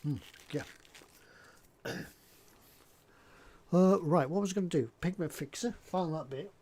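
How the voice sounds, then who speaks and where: A man with a voice pitched a little above the usual chats away while he works at his hobby bench. His talk is loose and rambling, full of small jokes and side tangents. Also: unhurried, dark tone. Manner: rambling and jokey, drifts off topic. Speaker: scale model builder. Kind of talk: casual chat while working on a model. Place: hobby workbench indoors.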